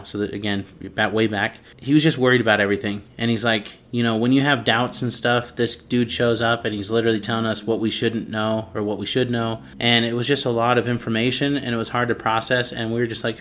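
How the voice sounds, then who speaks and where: Low-voiced man telling a story. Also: a little fast, hardly any pauses. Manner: animated storyteller, acts out quoted voices. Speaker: podcast co-host. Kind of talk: casual storytelling chat.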